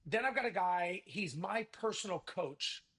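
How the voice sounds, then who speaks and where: A man talks as a podcast guest in a casual, energetic interview. His voice sits high, and he pitches with a salesman's drive, acting out bits of dialogue as he goes. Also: measured pace. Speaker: podcast guest, event organizer.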